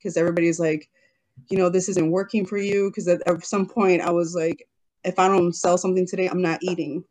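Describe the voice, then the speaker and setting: A woman's voice: on the low side, flat delivery, a little fast, darkish tone. A woman in her thirties, a business owner being interviewed, talking casually and emotionally, often quoting herself, on a video call. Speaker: guest, jewelry business owner.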